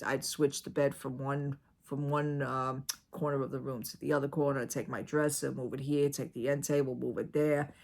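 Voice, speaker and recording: A woman's voice: sits low, gravelly. A woman telling a story in a casual home vlog, indignant and retelling it with lots of "I says". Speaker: vlogger. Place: at home, living room.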